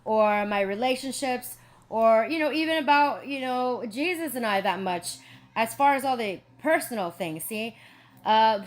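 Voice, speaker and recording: Rambling, giggly woman on a livestream. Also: fairly high pitch. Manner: rambling, giggly, full of "you know". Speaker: online preacher and streamer. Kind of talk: casual livestream storytelling.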